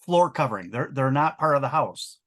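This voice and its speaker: A man co-hosting a podcast, calmly explaining things in casual chat. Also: mid-range voice, fairly quick. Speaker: rug cleaning business co-host.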